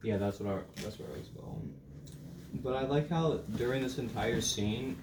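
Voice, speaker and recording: A man's voice: mid-range voice, normal speed. A man co-hosting a casual movie review chat, rambling and restarting his thoughts as he goes. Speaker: podcast co-host. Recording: roomy, distant mic, faint hiss.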